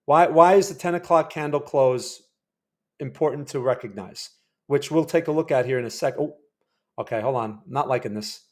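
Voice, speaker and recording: A man's voice: medium pitch, moderate pace. A man hosting a live day-trading stream, chatty and rambling as he comments on trades and quizzes his chat. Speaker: day trading livestream host.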